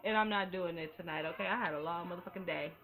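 Woman host, bright and animated, slangy recap chat. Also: fairly low pitch, fast. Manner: animated and profane, full of slang. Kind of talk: casual recap commentary.

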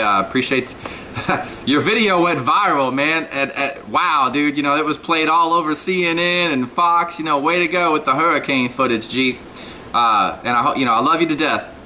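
A man holds forth in a rambling home video rant, digressing freely and talking straight to his viewers. His voice is very bright and sits a little high for a man. A faint hum of an air conditioner runs underneath. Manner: animated, digressive, addresses viewers as people and cats. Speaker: political video blogger.

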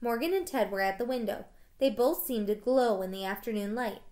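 Woman teacher, casual read-aloud, slightly high. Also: brisk. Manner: casual, warm storytelling with small slips. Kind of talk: reading a children's book aloud.

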